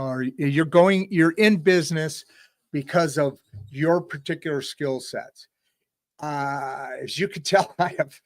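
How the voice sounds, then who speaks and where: A middle-aged man hosting a podcast, talking casually to viewers in a rambling, halting way with many restarts. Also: on the high side, dry recording. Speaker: podcast host. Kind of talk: casual solo talk to viewers.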